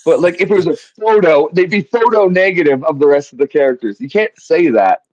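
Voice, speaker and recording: A man's voice: fairly high pitch, a little fast, no echo, lo-fi sound. A man hosting a casual podcast film review, rambling and swearing, speaking through a headset mic. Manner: rambling, swears often, quotes lines in animated voices. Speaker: podcast host. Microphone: headset mic on headphones.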